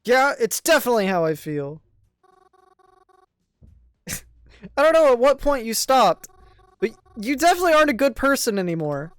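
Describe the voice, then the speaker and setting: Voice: mid-range voice, very animated, normal speed, no echo, pitched above the performer's own voice, close to an everyday voice. A voice actor doing a furious swearing young man. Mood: cruel. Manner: shouting, swearing, contemptuous. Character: angry foul-mouthed young man.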